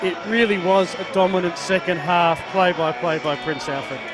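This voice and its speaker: A man with a notably high-pitched voice, working as a sports commentator. He talks in a steady, measured way, reading through long lists of names. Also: over music, crowd noise. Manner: measured, listing thank-yous. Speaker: play-by-play commentator.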